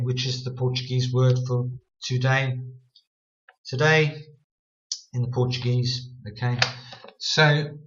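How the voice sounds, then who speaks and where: A man's voice: medium pitch, a bit bright, highs cut off. A man teaching about Bible wording in a casual explanatory talk, often saying "okay" and sounding words out to demonstrate. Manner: repeats "okay" often, demonstrates pronunciation aloud.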